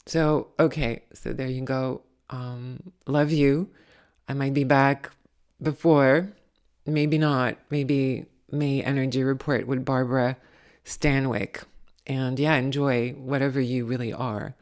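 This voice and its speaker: A woman's voice: very deep voice, steady tone, slow, a little mellow. A woman hosting her own channel, wrapping up in a chatty, affectionate way. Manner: chatty, laughing, affectionate sign-off. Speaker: host. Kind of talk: casual chat.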